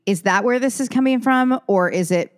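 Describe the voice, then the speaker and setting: A woman's voice: fairly high pitch, normal speed, clean tone. A woman co-hosting a podcast, talking thoughtfully with frequent restarts as she questions her own habits. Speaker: podcast co-host. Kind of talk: casual chat.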